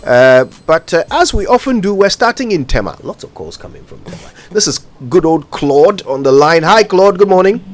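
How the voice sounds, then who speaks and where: A man's voice: high-pitched, sing-song, normal speed, hardly any pauses. A man hosting a radio call-in show, greeting callers with short friendly replies. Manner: friendly, brief acknowledgements.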